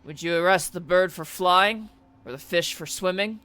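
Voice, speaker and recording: Man playing a calm confident veteran hero, bright voice, tabletop game. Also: high-pitched, normal speed, clear, resonant tone, faint music behind. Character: bold veteran male tavern-keeper hero.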